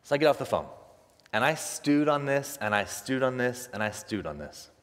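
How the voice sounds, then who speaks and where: A man's voice: mid-range voice, moderate pace. Preacher man in a reverberant church. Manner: animated, acts out quoted voices, laughs often. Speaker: pastor. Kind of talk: sermon storytelling. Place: church sanctuary. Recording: long reverb of a church hall.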